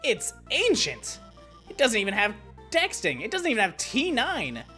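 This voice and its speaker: Nervous nerdy lizard scientist lady, as a male streamer puts her on, stammering, high and fluttery. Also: wildly swooping pitch, normal speed, pushed and bright, soft background music, full character voice. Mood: flustered. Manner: stammering, hesitant. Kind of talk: streamer voicing game dialogue.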